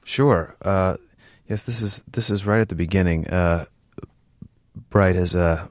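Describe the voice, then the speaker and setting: A man, a novelist, talking in an interview with many halting restarts and reading from his book. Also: deep voice, dry recording, studio quality.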